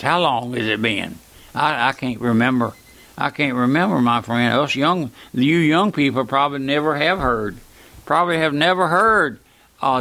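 A man's voice: medium pitch, gravelly, fairly bright tone. An older man preaching a fervent radio sermon, pleading with his listeners through repeated rhetorical questions.

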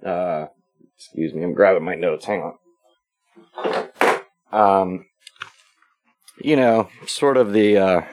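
A man hosting a solo podcast, casually retelling a film's story in a rambling, relaxed way with fillers and quick acted asides. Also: low voice, soft background music. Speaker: podcast host.

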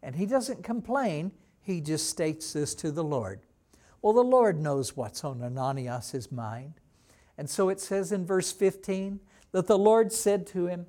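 Slow, deliberate male pastor preaching. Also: high-pitched, lively intonation, warm tone. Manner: slow, deliberate teaching with dramatic voiced quotes. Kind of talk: sermon. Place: church.

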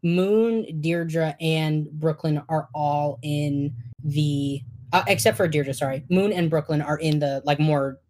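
A woman's voice: sits low, takes it slowly, warm tone. A woman narrating as game master, loose and hesitant with many fillers.

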